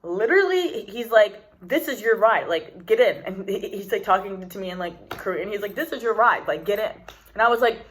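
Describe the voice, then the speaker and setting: A woman's voice: medium pitch, fairly quick. Chatty young woman telling a story. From United States. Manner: rambling, lots of "like" and "literally". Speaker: vlogger. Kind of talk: casual storytelling to camera.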